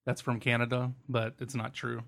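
A man's voice: mid-range voice, completely flat delivery, normal speed, gravelly, fairly bright tone, no echo. A man hosting a podcast, introducing calls in a matter-of-fact way. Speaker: podcast host running the calls. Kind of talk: casual chat.

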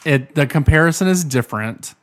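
A man's voice: on the high side, lively intonation, fairly quick. A man in a casual debate, blunt and insistent, teasing his co-host.

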